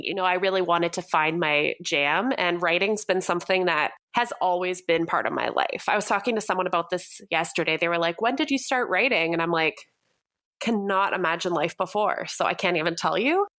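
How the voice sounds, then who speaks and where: A woman's voice: lowish voice, fairly quick, a bit bright, dry recording. A young adult woman from Canada, a copywriter guest on a podcast interview, speaking with bubbly enthusiasm.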